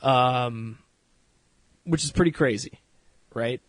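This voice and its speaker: A man talks loosely through a show he's reviewing, filling gaps with "uh" and "you know" and cursing freely. His voice sits at an ordinary middle pitch and is recorded dry and close, with almost no room sound. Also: slow, no echo. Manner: rambling, swears freely, many fillers; retells scenes with mock voices. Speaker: podcast host reviewing a series. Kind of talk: casual spoken review.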